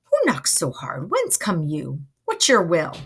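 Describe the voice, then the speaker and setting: A stern older friar, as a woman reads him aloud, scolding with exasperated emphasis that keeps rising in pitch. He lectures at a lively, pushing pace in a dramatic play reading, lifting his voice on every rebuke. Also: a little slow, slightly rough, heavily acted. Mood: flustered.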